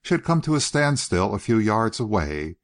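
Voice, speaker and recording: A man narrating an audiobook in a measured, expressive manner. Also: fairly low pitch. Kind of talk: scripted narration.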